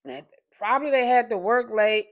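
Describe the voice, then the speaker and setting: A woman hosting a podcast, telling a personal memory in a slow, reflective and emotional way. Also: fairly high pitch. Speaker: podcast host. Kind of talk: personal storytelling.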